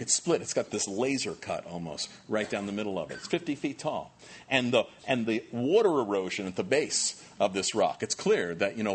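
A pastor giving a sermon, telling the story in a conversational, animated way with many fillers. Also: male voice, fairly low pitch, breathy edge.

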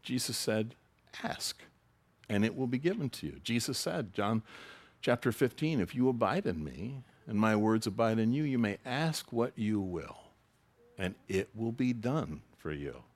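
A man's voice: on the low side, expressive, measured pace, darkish tone. A man preaching a sermon in a conversational, joking way, reading scripture aloud to a congregation. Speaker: pastor.

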